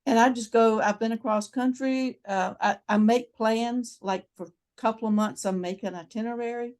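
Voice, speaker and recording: A woman's voice: a little high, fairly even intonation, normal speed, a little mellow. A woman in her seventies with a North Carolina accent, hosting a casual chat and telling travel stories in a rambling, frank way with many restarts. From North Carolina, USA. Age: 70s. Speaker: channel host.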